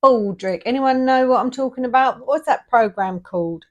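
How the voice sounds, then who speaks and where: A woman from England, reading tarot cards in a casual video. She talks in a chatty, rambling way, drifts off-topic and loses her thread, and slows down while counting out the cards. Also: a little high, muffled recording. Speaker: tarot reader.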